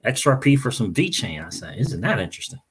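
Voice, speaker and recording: Greeting each newcomer by name, the crypto channel host keeps his livestream loose and conversational, repeating himself often. He talks fast and very animatedly in a husky, slightly grainy, medium-pitched voice.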